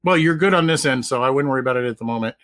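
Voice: medium pitch, racing, fairly bright tone. A host interviewing a guest over a video call, speaking conversationally and steering the talk with questions.

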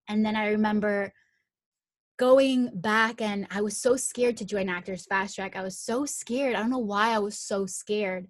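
A woman's voice: mid-range voice, normal speed, no room sound, clean studio sound. A young woman from Miami, an actress, tells an emotional personal story in a chatty way full of "like" and restarts. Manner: animated when retelling, rising excitement. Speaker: guest, actress.

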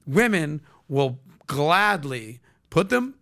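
A man hosting a podcast, telling stories in casual chat and acting out the people he quotes in loud, high voices. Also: very animated, slow. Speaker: podcast host.

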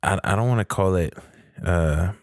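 A man's voice: sits low, normal speed, a little mellow, dry recording, clean studio sound. A man in casual podcast chat, blunt, thinking aloud and searching for words.

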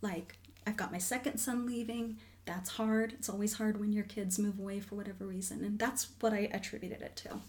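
A woman in her forties shares a personal story in conversation, candid and earnest. Her voice sits at an ordinary middle pitch. She often sinks into a hushed, breathy near-whisper for emphasis. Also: fairly even intonation, a little fast, hardly any pauses. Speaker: guest.

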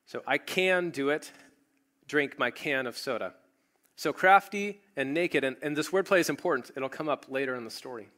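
A man's voice: mid-range voice, normal speed, bright, forceful tone. A man preaching a sermon, retelling a story and acting out the quoted voices. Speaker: pastor.

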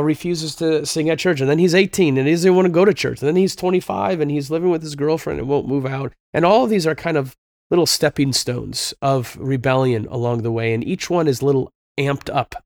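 A man's voice: medium pitch, gravelly, no echo. Earnest middle-aged man, dry close sound. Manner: earnest, preachy storytelling with fillers. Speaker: podcast host. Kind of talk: conversational Christian parenting talk.

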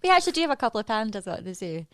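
A woman's voice: medium pitch, sing-song, very fast, fairly bright tone, dry recording. A Scottish woman guesting on a podcast, her voice sitting dry and close. She chats easily and encourages the others along. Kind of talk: casual chat.

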